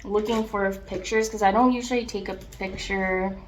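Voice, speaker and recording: A young woman in a mukbang vlog, chatting casually and excitedly between bites, with lots of "like" and appreciative "mm" sounds. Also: medium pitch, moderate pace, a little hiss or hum. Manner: chatty, filler-heavy, excitable, with chewing and "mm" sounds between remarks. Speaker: mukbang vlogger. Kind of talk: casual chat while eating.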